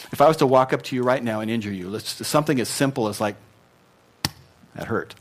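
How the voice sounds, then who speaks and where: A pastor delivers a sermon with lively, emphatic energy, his voice sitting at an ordinary middle pitch for a man. He laughs easily and throws himself into the quotes he acts out, then drops back down to press his points home. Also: fast, slight background noise.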